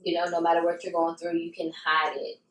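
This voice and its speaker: A woman co-hosting a podcast in casual chat, talking candidly and reflectively at an unhurried pace. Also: fairly low pitch, completely flat delivery, fairly bright tone. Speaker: podcast co-host. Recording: roomy sound, mic at a distance.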